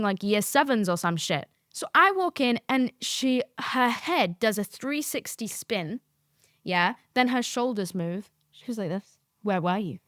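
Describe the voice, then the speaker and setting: High-voiced woman telling a story. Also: dry recording, clean studio sound. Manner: animated, swears freely, acts out quoted voices. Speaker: podcast host. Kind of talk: casual storytelling.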